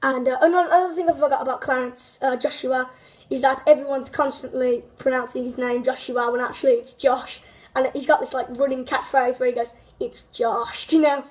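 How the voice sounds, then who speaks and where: A woman's voice: high voice, fairly even intonation, quick pace, a little mellow. A woman hosting a casual, unscripted countdown video, rambling with many fillers, restarts and small giggles. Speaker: video host.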